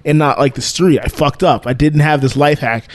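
A man's voice: a little high, steady tone, normal speed. A man co-hosting a podcast, telling a long rambling story in casual chat and laughing often. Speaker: podcast co-host.

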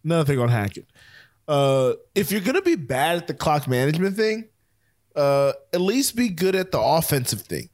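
A man co-hosting a sports podcast, bantering quickly with lots of uh fillers. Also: fairly high pitch, big pitch swings, darkish tone, no echo, clean studio sound. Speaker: podcast co-host. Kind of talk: casual sports chat.

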